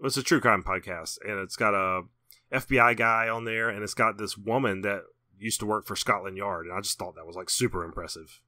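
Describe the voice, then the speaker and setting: A man co-hosts a podcast in casual chat, reading out release details and tossing off asides. His voice sits a little low but rings bright and forceful. The sound is dry and close. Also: a little fast, no echo. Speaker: podcast co-host.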